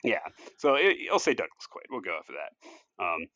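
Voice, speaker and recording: A man with a fairly low voice talks through a story idea in loose, rambling podcast chat. He keeps circling back with "like" and "you know" and restarts his sentences often. The recording is dry and a little dull, close to the mic with no room sound. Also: big pitch swings, normal speed, sharp tone, no echo. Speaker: podcast co-host pitching a movie idea. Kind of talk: casual chat.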